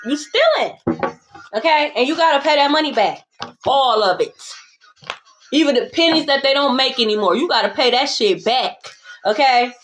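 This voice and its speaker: A woman's voice: high-pitched, a bit bright, slight background noise. Blunt, sassy woman reading tarot. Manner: emphatic, repeats phrases. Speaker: tarot reader. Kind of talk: casual tarot reading monologue.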